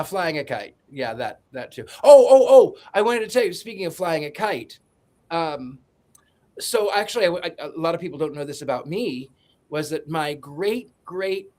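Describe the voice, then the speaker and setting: Higher-voiced guy doing a sarcastic rambling movie recap, jokey and playful. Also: a little mellow. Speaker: podcast co-host. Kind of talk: joking film synopsis.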